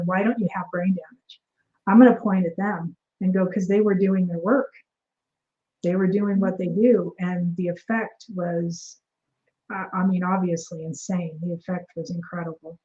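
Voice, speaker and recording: A woman guest in an interview, telling her story in a casual, animated way, acting out quoted dialogue with many fillers and restarts. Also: mid-range voice, highs cut off.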